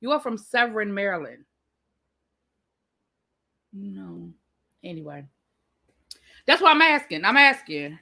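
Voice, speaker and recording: Livestream host: a woman with a DC accent, bright and chatty, riffing with her viewers. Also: mid-range voice, lively intonation, vocal fry. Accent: Washington DC. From Washington DC area. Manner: chatty, drawn-out asides, answers the chat. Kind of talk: casual livestream chat reading viewer comments.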